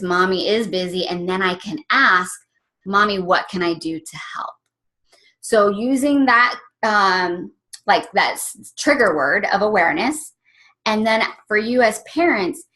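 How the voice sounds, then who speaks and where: A woman in her thirties speaks as a parenting coach in a casual vlog. Her voice sits at a middle pitch, and her talk is chatty and full of fillers. She retells everyday moments in an animated way.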